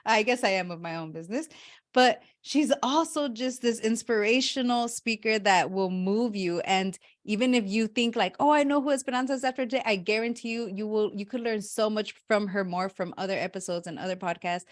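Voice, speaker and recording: A woman's voice: mid-range voice, brisk. A thirty-year-old woman hosting an online summit, introducing a speaker in a chatty, rambling way that keeps correcting itself. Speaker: summit host and life coach. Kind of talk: casual introduction on a video call.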